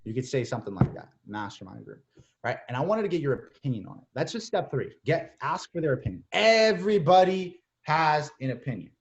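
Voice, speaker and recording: A young man giving casual, energetic coaching as a mentor, slipping into playful acted-out phone chats with lots of "like" and "bro". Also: medium pitch, fast talker, vocal fry. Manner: energetic, repeats "like" and "bro", acts out texts and calls. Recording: slightly dull lo-fi audio.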